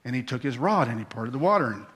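A man's voice: mid-range voice, expressive, quick pace, fairly bright tone. A man preaching a sermon, talking to the congregation and acting out the characters. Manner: conversational, acts out voices, asks the congregation. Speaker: pastor.

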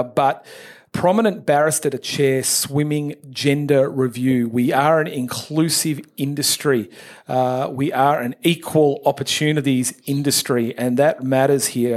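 A man hosting a podcast, running through industry news in an upbeat, brisk way. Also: medium pitch, a little mellow. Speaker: podcast host. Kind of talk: casual industry news chat.

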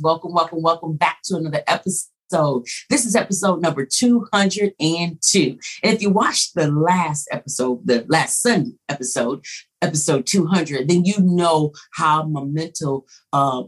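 A woman's voice: sits low, moderate pace, breathy edge, poor audio. A woman in her fifties hosting a motivational podcast, enthusiastic and repeating words for emphasis. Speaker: podcast host. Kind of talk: energetic motivational podcast talk.

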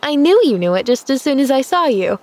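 A woman reading an audiobook, voicing a cheerful, eager and polite little girl who chatters brightly. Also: high voice, sing-song, brisk, pitched above the performer's own voice.

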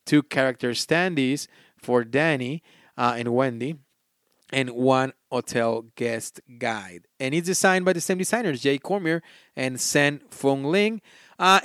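Chatty game podcast host, dry close sound. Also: male voice, medium pitch, clear, resonant tone, no echo. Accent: non-native English accent. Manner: chatty, restarts often while reading game text aloud. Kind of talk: casual board game review.

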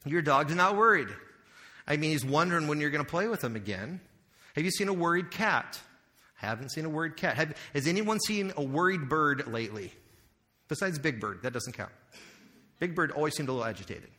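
A man's voice: fairly high pitch, bright, forceful tone. A male pastor preaching a sermon in a conversational way, asking the audience questions and making joking asides. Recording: long hall reverb.

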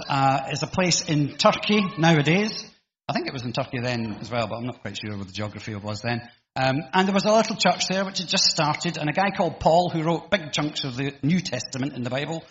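Chatty man preaching in an echoey hall. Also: fairly high pitch. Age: middle-aged. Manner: chatty, self-deprecating, many ums and restarts. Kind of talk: informal sermon. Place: church hall. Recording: echoey hall, slightly dull sound.

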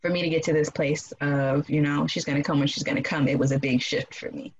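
A woman casually telling a personal story in an animated way, acting out quoted voices and laughing often. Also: low-pitched, fast talker, muffled recording, a little hiss or hum. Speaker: guest telling her birth story.

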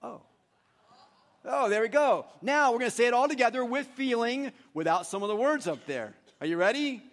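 A pastor with a very high, expressive voice preaches in a church sanctuary at a moderate pace. His sermon is conversational, and he leads the congregation through group recitation.

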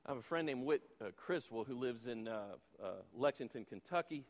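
A man pastor preaching a sermon, emphatic and full of rhetorical questions, dropping from forceful to hushed. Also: medium pitch, brisk. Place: church sanctuary. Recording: long reverb of a large church hall.

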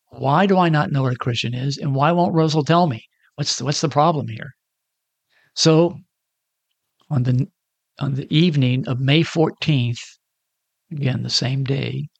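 A man in his sixties gives a personal testimony, telling his story casually and self-deprecatingly while acting out the dialogue. His medium-pitched voice has vocal fry and a breathy edge, with no room sound.

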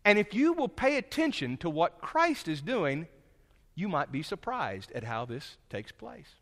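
A man preaching a sermon as pastor, animated and then dropping to soft asides. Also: a little high, unhurried. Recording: long hall reverb.

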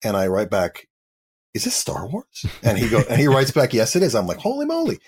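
A man's voice: on the low side, a little fast, slightly rough. A middle-aged male actor, a guest on an interview show, telling a funny story and acting out the people in it. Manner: animated storyteller acting out dialogue. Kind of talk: interview anecdote.

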